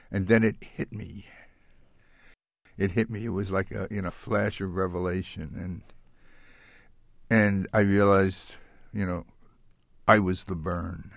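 An older man telling his own story as an interview guest, halting and reflective, with many restarts. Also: deep voice, fairly even intonation, creaky, no room sound, studio quality. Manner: halting and reflective, with frequent restarts and soft laughs. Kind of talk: recounting a personal story in an interview.

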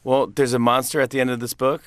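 A man's voice: mid-range voice, little pitch movement, fast talker, fairly bright tone, no room sound, studio quality. A man, a comedian guest, chatting casually in an interview, laughing often and restarting his sentences.

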